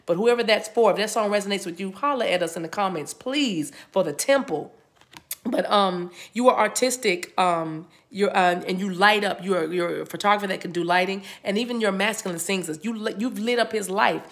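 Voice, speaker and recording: A woman's voice: mid-range voice, brisk. A woman giving a chatty spiritual reading to her viewers. She talks in a casual, playful way, laughs often and breaks into snatches of song. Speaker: tarot reader.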